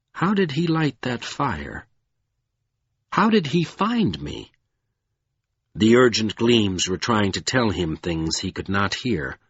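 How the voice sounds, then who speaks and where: A man narrating an audiobook in a slow, expressive reading. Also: fairly low pitch, breathy edge, dry recording, dull audio.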